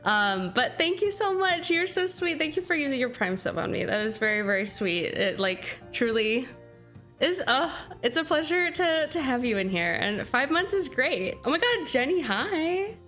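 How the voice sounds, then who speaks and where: A woman's voice: sits high, lively intonation, moderate pace, a bit bright, faint music behind. A young woman streaming a game who chats casually and bubbly with her viewers, thanking them by name. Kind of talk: casual livestream chat.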